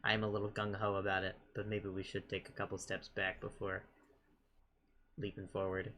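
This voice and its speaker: A man playing a tabletop game, talking in an excitable, rambling way. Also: lowish voice, moderate pace, a little hiss or hum. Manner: excitable, rambling, self-mocking. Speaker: player. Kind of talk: casual tabletop game chat.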